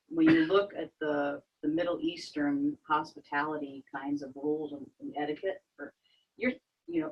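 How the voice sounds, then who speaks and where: A Bible study leader talks through a passage with a group, animated and quick to act out the lines in a raised voice. The voice is husky and a bit breathy, middle in pitch. The recording is dull and lo-fi. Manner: animated, acts out quotes in a raised voice.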